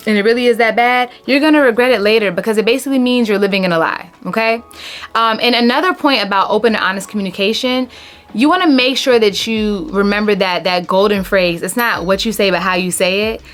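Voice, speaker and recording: A woman in her thirties talking casually to camera, giving relationship advice in an animated, emphatic way and calling her viewers honey. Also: medium pitch, a little fast.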